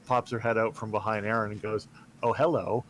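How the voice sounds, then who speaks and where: A man's voice: fairly low pitch, flat delivery, a bit bright, a little hiss or hum. Man narrating a casual tabletop game. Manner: casual, halting narration with many fillers. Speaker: game master.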